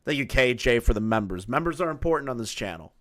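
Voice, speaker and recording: Brief: male streamer, sarcastic commentary, lively swinging pitch, dry close sound. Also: fast, no room sound. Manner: sarcastic, reads messages aloud with mocking asides. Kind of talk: casual live-stream commentary.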